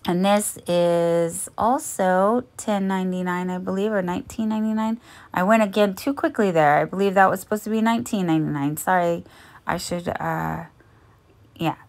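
A woman narrating a shopping haul as a vlogger, chatty and gentle, cooing over cute finds. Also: fairly low pitch, moderate pace.

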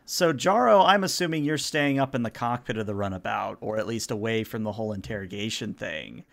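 A man's voice: fairly low pitch, lively intonation, brisk, creaky, a bit bright. A man narrating a tabletop role-playing game as game master, casual with many fillers.

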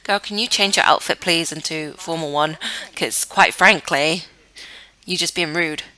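A young woman plays a life-sim game for a let's play, chatting casually and addressing the characters on screen while getting easily flustered. Her voice is deep and sharp, her pace measured, and the recording dry.

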